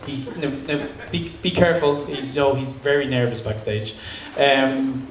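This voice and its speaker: A man's voice: mid-range voice, steady tone, measured pace. A man introducing speakers on stage with teasing jokes. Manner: jokey, teasing. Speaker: event host introducing authors. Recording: echoey hall heard from far off with crowd noise.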